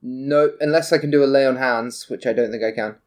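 A man playing a tabletop game, talking in a quick, matter-of-fact way. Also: mid-range voice, darkish tone. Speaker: player. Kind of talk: casual chat at a tabletop game.

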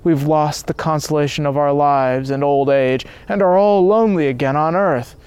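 A man's voice: on the high side, normal speed, darkish tone, smooth, dry recording, close to an everyday voice. A man reading the part of a wealthy, proud married nobleman in a storybook telling. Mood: grieving.

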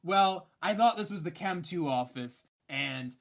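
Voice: medium pitch, lively intonation, unhurried, a bit bright, voice pushed up. A game master voicing a flustered young female student who rambles defensive excuses.

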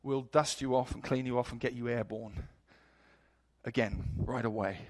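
A man's voice: medium pitch, moderate pace, a little mellow, dry recording, close to an everyday voice. A man voicing a patient, fatherly God. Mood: reassuring.

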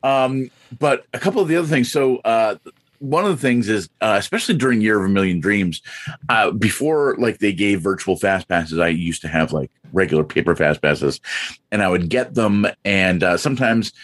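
A man with a rather low voice talks casually as a podcast guest, filling his sentences with "uh" and "like." His voice is recorded dry and close. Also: normal speed, no room sound. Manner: chatty, lots of fillers. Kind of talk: casual chat.

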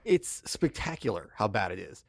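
A man's voice: lowish voice, very animated, brisk, creaky, husky. A man in his thirties co-hosting a podcast, talking casually and ranting emphatically about a show. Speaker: podcast co-host. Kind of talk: casual chat.

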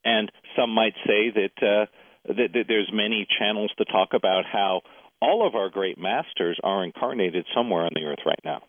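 Low-voiced man telling a story over a phone line. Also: normal speed, no echo. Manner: animated storyteller, quotes others in dialogue. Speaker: guest. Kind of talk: casual interview storytelling.

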